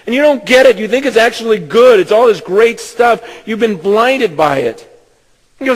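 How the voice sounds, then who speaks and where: A man's voice: high-pitched, expressive, normal speed, long reverb tail, poor audio. A man preaching a sermon as pastor, impassioned and blunt, acting out conversations as he speaks.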